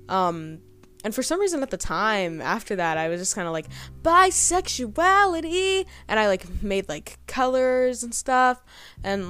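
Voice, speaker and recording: Low-voiced young woman, rambling and hesitant. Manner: rambling, full of fillers and trailing pauses. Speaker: podcast host. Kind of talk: casual personal storytelling.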